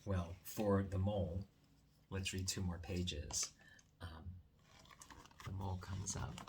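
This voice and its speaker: Gentle slow-talking male teacher. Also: low-pitched, level tone, slight background noise. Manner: gentle, coaxing, with soft whispered asides. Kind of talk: reading a picture book aloud to children.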